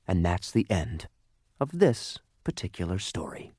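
A man narrating a story in a gentle, reflective way, recorded in a studio. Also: low voice, sing-song, a little slow. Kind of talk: scripted narration.

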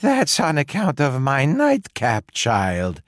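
A man voicing a sly, hungry male wolf who talks slowly and coaxingly. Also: wildly swooping pitch, dry recording, studio quality. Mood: falsetto disguise. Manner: slow, low and coaxing.

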